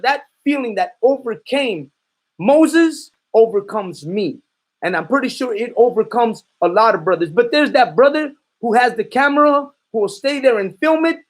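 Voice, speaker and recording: A man preaching in a fiery, confrontational way, calling out his listeners and giving commands to a reader. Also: very high voice. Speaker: street preacher.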